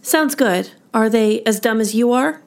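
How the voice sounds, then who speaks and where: A woman's voice: fairly high pitch, unhurried. A woman playing a snarky, vain young teacher. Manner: snarky, self-absorbed.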